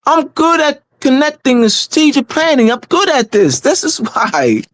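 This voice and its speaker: Hosting a livestreamed meeting, this community organizer talks unscripted at a moderate pace, with emphasis and lots of repetition. He frequently trips up and restarts, moving between quiet calm and loud, shouted points, and the recording is dry.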